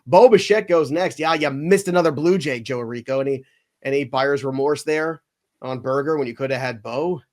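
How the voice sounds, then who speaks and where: A man hosting a casual sports podcast, animated and given to mock outrage. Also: medium pitch, normal speed. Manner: animated, mock-outraged when picks are taken. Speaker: podcast host running a mock draft.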